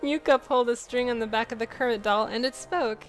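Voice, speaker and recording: A woman's voice: a little high, brisk, soft background music, rough recording. Giggly woman reading aloud. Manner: giggly, keeps breaking into laughter. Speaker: co-host of gameplay channel. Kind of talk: reading fan fiction aloud over gameplay.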